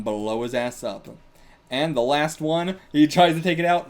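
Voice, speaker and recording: A young man reading a manga aloud and reacting casually, excitable and laughing, with bursts of swearing. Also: mid-range voice, a little fast. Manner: excitable, swears, laughs, puts on brief character lines.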